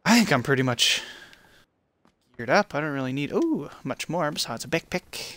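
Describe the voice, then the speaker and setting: A man's voice: a little high, normal speed, dry recording. A young man streaming a shooter game, commenting casually to himself and taunting the players he beats. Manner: excitable, talks to himself and to enemies. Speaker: gaming streamer.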